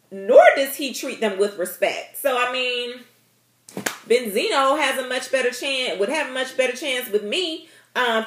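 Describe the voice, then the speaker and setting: A woman gives casual, sassy commentary on reality TV, full of playful asides. Her pitch swings freely and keeps her delivery lively. The recording has a noticeable echo from the room. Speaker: vlogger.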